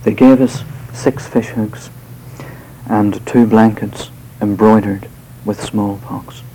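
A man reads poetry to a live audience, taking each line slowly and deliberately. His tone is soft and mellow rather than bright, and his asides between poems are hesitant. Faint room ambience sits behind his voice. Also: lowish voice, steady tone, slight background noise, rough recording. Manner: measured, unhurried verse delivery with hesitant asides. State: voice slightly off tonight. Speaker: poet giving a reading. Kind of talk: poetry reading with spoken asides.

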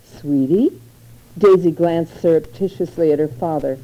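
Low, mellow woman reading literary fiction. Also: a little slow, rough recording. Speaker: narrator.

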